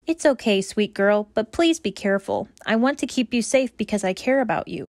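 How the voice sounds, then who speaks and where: A woman voicing a gentle loving mother in a storybook, soft and caring. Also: medium pitch, animated, a little fast, no room sound, studio quality, natural voice. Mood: tender.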